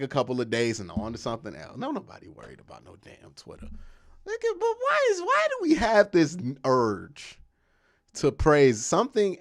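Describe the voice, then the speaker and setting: Animated man ranting on a live stream. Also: medium pitch, dry recording, clean studio sound. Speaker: streamer reacting to news and chat. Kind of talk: casual live-stream commentary.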